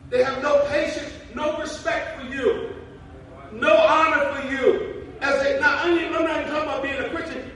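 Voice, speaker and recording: A man's voice: extremely high pitch, fairly bright tone. A man preaching a sermon in a folksy, casual way that rises to fervent calls. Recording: very echoey, far from the mic, faint noise.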